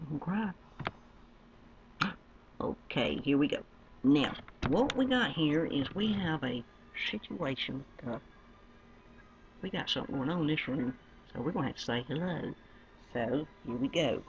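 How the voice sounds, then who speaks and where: A woman's voice: expressive, slow pace, pauses often, a little hiss or hum. Drawling woman rambling on webcam. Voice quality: drawling, swings between low mutters and loud squeals. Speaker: webcam vlogger. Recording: dull lo-fi webcam audio.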